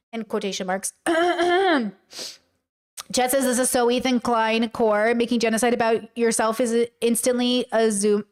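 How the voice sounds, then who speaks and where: On the high side and clean in tone, a woman's voice reads a text aloud during a livestream, reacting to a video with emotional, exclaiming comments and turning tearful at times.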